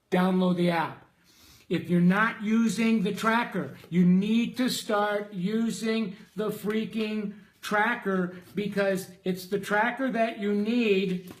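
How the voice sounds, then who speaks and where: Excitable middle-aged guy coaching live, slangy, yells out every now and then. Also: high voice. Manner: excitable and loud, bursts of shouting; casual, slangy and restless. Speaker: salon business coach. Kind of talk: live-stream coaching, reading out viewer comments.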